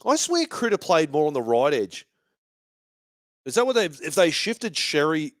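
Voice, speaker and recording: A man's voice: fairly high pitch, sing-song, a little slow, dry recording, studio quality. A man hosting a fan live stream from a bar, giving casual, sweary match commentary and banter.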